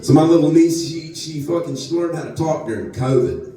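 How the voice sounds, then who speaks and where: Profane North Louisiana comic, echoey club. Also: male voice, on the high side, fairly quick, mellow, far from the mic. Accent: North Louisiana Southern. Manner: crude, profane storytelling with frequent asides. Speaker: stand-up comedian. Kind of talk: live stand-up set. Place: comedy club stage. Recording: echoey club room, voice from off mic.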